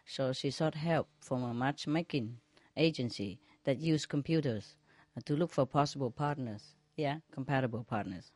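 A woman, a spiritual teacher, telling jokes to a group in a slow, chuckling way, often checking whether her listeners follow. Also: very deep voice, a little mellow, no echo.

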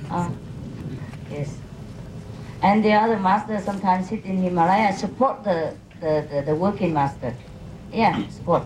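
A woman's voice: fairly low pitch, noisy background. A woman spiritual teacher answering questions from a gathering in non-native English, playful and laughing often.

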